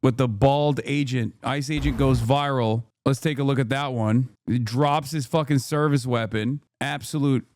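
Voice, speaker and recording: A man's voice: medium pitch, fairly even intonation, normal speed, few pauses, a little mellow, a little hiss or hum. A man, giving heated, profane live reaction commentary from a streaming setup. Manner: heated, profane, indignant ranting. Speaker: livestream commentator.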